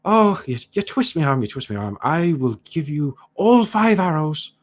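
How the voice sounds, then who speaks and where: A man's voice: sing-song, moderate pace, dull audio. A man voicing a greedy, cheeky male dwarf shopkeeper with an Irish accent and a wheedling sales patter. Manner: wheedling sales patter, jumps high in pitch.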